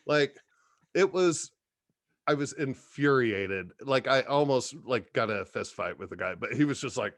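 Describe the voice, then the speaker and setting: A man guesting on a podcast, telling stories in a profane, animated, casual way. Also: mid-range voice, moderate pace, no room sound, studio quality. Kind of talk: casual storytelling chat.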